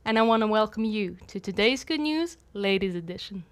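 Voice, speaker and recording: A woman's voice: mid-range voice, animated, a little fast. A young adult woman, a missionary, giving an earnest, conversational devotional talk with light humor.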